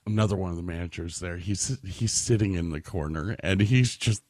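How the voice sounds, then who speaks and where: A low, slightly mellow male voice moves fairly quickly as this podcast host laughs his way through stories in a casual chat. He swears freely and acts out the voices of people in his anecdotes, and the studio mic recording is dry.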